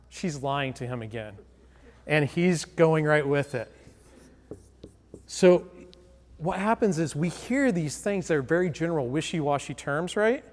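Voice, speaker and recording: A man giving a sales presentation, telling a story to an audience, acting out the dialogue and asking the crowd questions. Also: a little high. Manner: animated storyteller who acts out dialogue and asks the audience questions. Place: presentation hall. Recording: long hall reverb.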